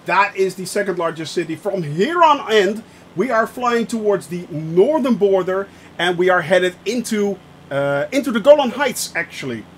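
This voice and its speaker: A man's voice: high voice, expressive, normal speed, a little hiss or hum. A young man streaming a flight simulator, chatting casually with his viewers and laughing often. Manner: laughs often, reacts to chat. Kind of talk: casual live-stream chat.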